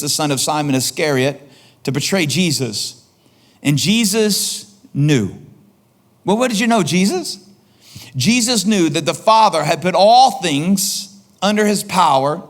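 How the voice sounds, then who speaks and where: A man preaching a sermon as pastor, impassioned, repeating phrases and climbing in pitch for emphasis. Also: a bit bright. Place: church auditorium.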